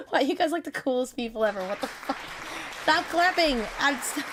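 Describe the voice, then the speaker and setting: A woman streaming live in casual chat, excitable and laughing often, with bursts of mock-outraged swearing. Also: on the high side, fast, a faint crowd, slight background noise. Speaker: streamer hosting a chat with creators.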